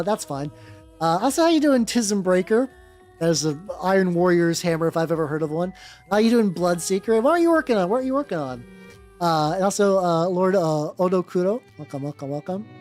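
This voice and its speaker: A woman hosting a casual livestream, talking with her chat while she paints. She rambles, swears freely and often restarts her sentences, at an everyday middle pitch. Soft music plays quietly behind her. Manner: rambling, profane, many restarts. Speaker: streamer and host. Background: faint background music.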